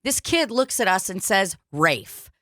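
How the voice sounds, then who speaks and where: A woman co-hosts a comedy podcast in a relaxed, chatty way, with a somewhat low voice. She swears freely and acts out the people in her stories. The sound is close and dry. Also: unhurried, no room sound. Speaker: podcast co-host. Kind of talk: casual chat, storytelling.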